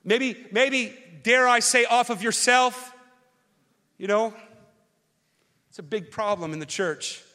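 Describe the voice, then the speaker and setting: A man preaching as pastor, telling an animated personal story that swings from loud rants to quiet, earnest reflection. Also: very high voice, slow pace, long pauses. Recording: long hall reverb.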